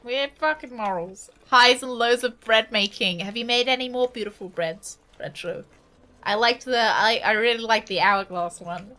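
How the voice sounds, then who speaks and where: A British woman with a slightly high voice streams a game at a normal pace, chatting casually. Her tone is pushed and bright as she laughs, swears freely and rants with exaggerated, mock indignation.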